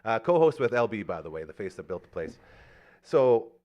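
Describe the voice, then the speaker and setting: A man's voice: lowish voice, big pitch swings, fairly quick, dull audio. A man hosting a podcast, chatting casually and joking with a guest in a small studio. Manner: joking, playful, laughs often. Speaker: podcast host. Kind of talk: casual chat.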